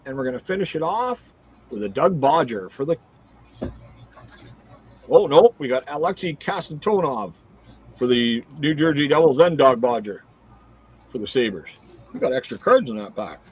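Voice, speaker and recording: A man's voice: fairly high pitch, lo-fi sound, a little hiss or hum. A man hosting a casual livestream card break, reading out cards and teams one after another. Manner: reads out cards and teams in a steady run.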